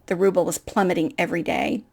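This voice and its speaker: A middle-aged woman telling a personal faith story in an animated, self-deprecating way, acting out the dialogue. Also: fairly low pitch, quick pace, gravelly, slightly rough. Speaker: speaker.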